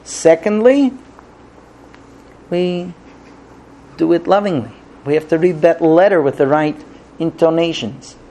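A man's voice: a little slow, long pauses. A man teaching a religious class to a live audience, telling stories and acting out the characters with big jumps in his voice. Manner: animated storyteller, acts out characters with big pitch jumps. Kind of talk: Torah class with told stories.

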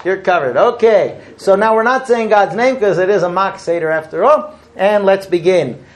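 A man's voice: sits high, normal speed. A man leading a group through a mock Seder, explaining terms and chanting the blessings. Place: room with a group.

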